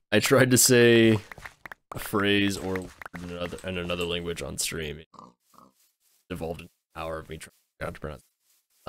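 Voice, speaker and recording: A man livestreaming a game, chatting casually in a halting, rambling way with restarts and small chuckles. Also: deep voice, dry recording. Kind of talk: casual chat while streaming a game.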